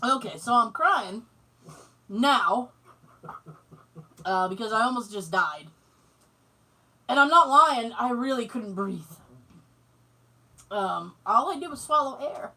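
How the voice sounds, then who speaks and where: A woman co-hosting a podcast, telling a story in casual chat, animated and swearing freely. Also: a little high, takes it slowly, pauses often, recorded from a distance, low-quality recording. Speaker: podcast co-host.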